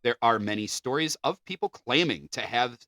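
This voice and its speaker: Bright-voiced man co-hosting a podcast. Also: medium pitch, expressive, moderate pace, dry recording. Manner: joking, loose, swears casually. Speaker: podcast co-host. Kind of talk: reading notes mixed with casual banter.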